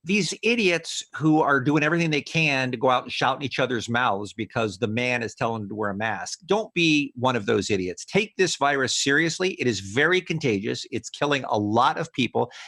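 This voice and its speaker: A man's voice: medium pitch, gravelly, a bit bright. A man, a longtime radio host, calling in as a guest and talking in an earnest, emphatic way. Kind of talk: casual chat.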